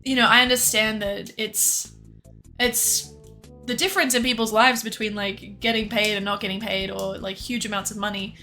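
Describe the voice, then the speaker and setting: A woman's voice: mid-range voice, flat delivery, moderate pace, bright, forceful tone, faint music behind. A young woman streamer in casual livestream chat, rambling, laughing often and swearing casually.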